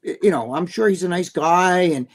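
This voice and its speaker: A man's voice: high-pitched, expressive, moderate pace. A man with a New Jersey accent, co-hosting a casual chat, blunt and profane, rambling with lots of fillers. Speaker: bodybuilding personality, co-host.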